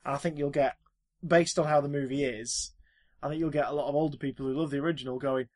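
A man's voice: medium pitch, fast. A man co-hosting a podcast, chatting casually and swearing, joking and breaking into silly voices. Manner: animated, sweary, jokey, puts on silly voices. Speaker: podcast co-host. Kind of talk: casual banter.

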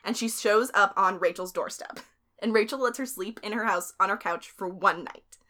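A woman casually retelling a story to a friend on a podcast, chatty and lively, often breaking into laughter. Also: mid-range voice, normal speed.

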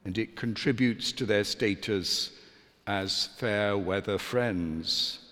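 A male priest delivers a sermon in a low voice, taking his time over every phrase and pausing for effect. His words ring out through a church with a long, lingering reverb. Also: fairly bright tone. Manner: measured, deliberate delivery with dramatic pauses.

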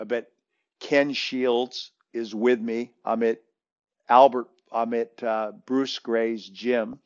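A man's voice: medium pitch, dull audio. A man who coaches basketball, telling a long story in casual chat, rambling with many restarts and fillers.

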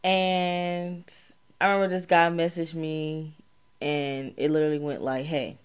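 A woman's voice: sits low, flat delivery, measured pace, clean tone. A young woman, hosting a podcast and telling a rambling story in casual chat. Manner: laid-back, rambling, bursts into loud laughter. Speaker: podcast host.

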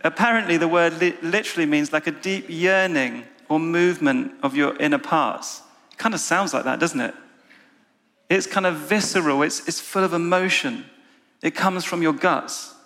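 A man's voice: a little high, normal speed, fairly bright tone. A man preaching a sermon to a room of listeners, leading them through an imagined story and asking them questions. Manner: storytelling, inviting the audience. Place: church meeting room with an audience. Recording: long hall reverb.

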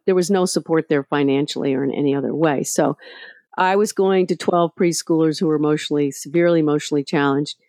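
A middle-aged woman speaking as a guest in an interview, telling candid, animated stories about parenting. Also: low voice, no echo, studio quality. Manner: candid and animated, acting out past scenes. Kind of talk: casual storytelling in a podcast interview.

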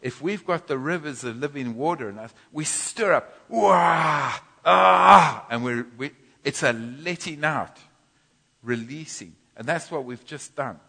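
A man preaching a sermon in a church, teaching from scripture with animated bursts of loud groaning. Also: medium pitch, moderate pace. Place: church hall. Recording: long church reverb.

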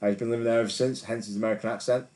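A man's voice: mid-range voice, level tone, rapid-fire, darkish tone. A man co-hosting a podcast, easygoing and teasing as he introduces a guest. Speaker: podcast co-host. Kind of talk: casual chat.

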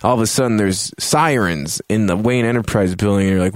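A man with a fairly low voice recaps a video game in a casual review. He tells the story in a loose, animated way, full of swearing. The sound is dry and close. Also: fairly quick, no echo. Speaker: host.

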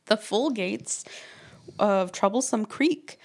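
A woman co-hosting a casual podcast, reading out a list of fun facts in a deadpan way. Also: mid-range voice, takes it slowly. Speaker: podcast co-host.

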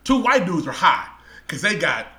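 A young man tells a profane, laughing story on a podcast. His voice sits high and bright, bouncing all over in pitch as he acts out the scene. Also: big pitch swings, normal speed. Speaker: podcast co-host. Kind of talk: casual storytelling chat.

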